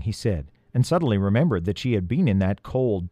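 A man's voice: lowish voice, no echo, studio quality. Man reading a children's storybook aloud. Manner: expressive, slowing for dramatic moments. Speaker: audiobook reader. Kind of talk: storybook narration.

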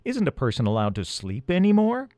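A man's voice: a little high, huge pitch swings, a little fast, darkish tone, no room sound, voice pushed up. A man playing a curious young boy. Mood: questioning. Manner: questioning. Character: young boy, curious, a bit grumpy when woken.

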